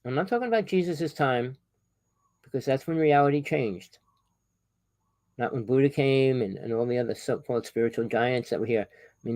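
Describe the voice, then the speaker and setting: Emphatic preaching man, dry close sound. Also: no echo. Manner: preachy, fires rhetorical questions at listeners; emphatic, swings between loud bursts and low asides. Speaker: spiritual teacher. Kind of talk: spiritual monologue to camera.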